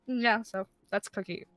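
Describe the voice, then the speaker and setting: A woman who voice-acts, casually telling a story during a game stream, animated and swearing, with loud excited bursts. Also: on the high side, slow pace, no room sound, faint music behind. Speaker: guest co-player, voice actor.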